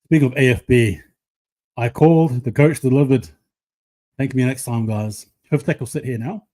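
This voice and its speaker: A man's voice: medium pitch, normal speed. A man giving live, chatty play-by-play of a rugby league match to viewers from his own channel. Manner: excitable, chatty, casual play-by-play. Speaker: live reaction commentator.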